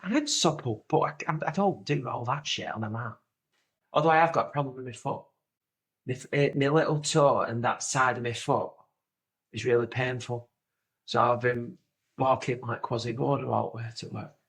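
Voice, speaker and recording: A podcast co-host with a mid-range voice and moderate pace rambles through stories in casual comedic chat. He swears freely and slips into silly voices.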